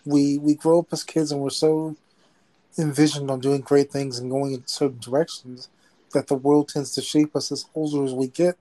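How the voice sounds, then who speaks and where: A man's voice: on the high side, flat delivery, normal speed, mellow, low-quality recording. A man hosting a live motivational talk show, emphatic and preachy, repeating lines for effect. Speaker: host.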